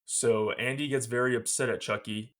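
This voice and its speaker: A man hosting a podcast, retelling a movie scene by scene in a casual, animated way and laughing often. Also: medium pitch, moderate pace. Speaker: podcast host.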